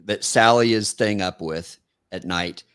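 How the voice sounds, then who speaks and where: Man, interview host, reflective, conversational, low pitch, dry recording. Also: unhurried, fairly bright tone, smooth, no echo. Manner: reflective, conversational, thinks aloud. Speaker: podcast host. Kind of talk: casual interview chat.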